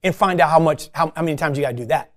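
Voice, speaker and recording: A man with a fairly high voice leads a casual sales meeting. He coaches his team in an animated, conversational way and acts out short phone calls as examples. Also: racing.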